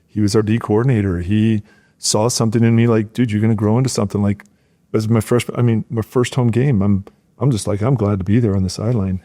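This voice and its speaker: Man, middle-aged, from rural Wisconsin, warm relaxed low voice, animated storyteller. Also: fast. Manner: animated storyteller, acts out coaches' shouts in a raised voice. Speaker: guest, former football player and coach. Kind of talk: casual storytelling in a podcast interview.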